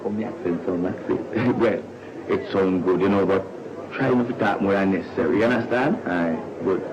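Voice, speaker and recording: Guy doing a sweet-talking jamaican church treasurer, scheming, lower voice, noisy old tv clip. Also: moderate pace, muffled recording, lightly acted. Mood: wheedling. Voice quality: chummy, wheedling, chuckling asides. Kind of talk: sitcom acting.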